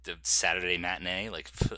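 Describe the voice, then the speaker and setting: A man's voice: low voice, level tone, brisk, sharp tone. A man co-hosting a film podcast, chatty and laughing often, with frequent restarts. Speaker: podcast co-host. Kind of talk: casual film chat.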